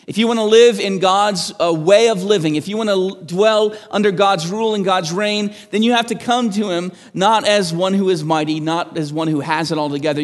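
A man, a pastor, preaching a sermon in an animated, emphatic way with frequent restarts. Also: sits high, in a large hall. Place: church.

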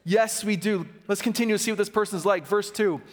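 A pastor preaching a sermon in a large church. His voice sits fairly high, and he talks in an animated way, calling on the congregation to answer him. A long hall reverb trails after his words. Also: fairly quick. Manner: animated, calls for audience response. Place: church sanctuary.

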